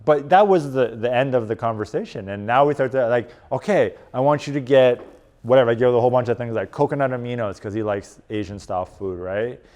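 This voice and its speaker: Animated male coach presenting. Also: medium pitch, a little fast. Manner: casual and animated, lots of "like" and "right?". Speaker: strength and performance coach. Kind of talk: motivational presentation to a live audience. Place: conference room.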